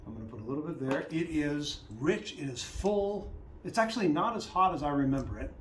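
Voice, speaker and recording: A man hosting a whiskey channel, chatting casually and jokingly through a tasting, animated and talking over himself. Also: a little high, brisk. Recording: echoey room with faint noise.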